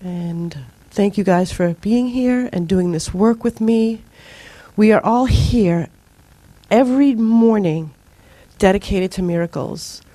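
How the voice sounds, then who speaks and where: A woman's voice: medium pitch, takes it slowly, no room sound. Earnest middle-aged woman giving a spiritual talk. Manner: earnest, animated storytelling with acted-out outbursts. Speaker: spiritual teacher leading a group. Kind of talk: informal spiritual talk to a group.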